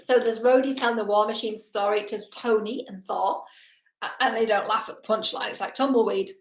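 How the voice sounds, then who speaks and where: A woman's voice: mid-range voice, steady tone, brisk, roomy sound, low-quality recording. A woman hosting a casual film analysis video, chatting with enthusiasm.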